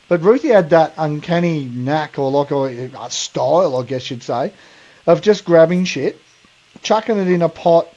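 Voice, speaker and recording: Laid-back Australian bloke telling a yarn. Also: male voice, fairly high pitch, moderate pace, mellow, highs cut off. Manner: rambling, laughing storyteller with mate slang. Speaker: podcast co-host. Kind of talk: casual storytelling chat.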